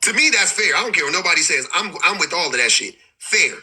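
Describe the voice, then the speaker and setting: A man talks loosely and with exasperation on his own livestream, and his sentences keep stalling and starting over. His voice sits high with a sharp brightness and a husky edge. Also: lively intonation, quick pace, low-quality recording. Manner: rambling, profane, exasperated, many restarts. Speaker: livestream host. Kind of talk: casual livestream commentary.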